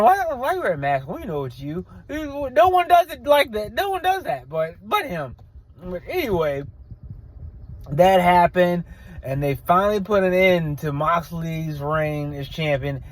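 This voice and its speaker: A man giving a casual, blunt and rambling review of a wrestling show, often restarting his sentences. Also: sits high.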